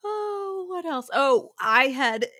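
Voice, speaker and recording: A woman's voice: high-pitched, sing-song, slow pace, pushed and bright, no echo, clean studio sound. A woman co-hosting a podcast in casual chat, laughing often as she retells stories. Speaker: podcast co-host.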